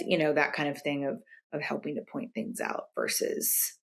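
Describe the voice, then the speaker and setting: A young adult woman, a coach guest on a podcast, explaining in casual conversation and acting out quoted remarks with sudden jumps in pitch. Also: moderate pace, vocal fry, few pauses. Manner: animated, acts out quoted lines in a raised pitch. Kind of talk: conversational interview answers.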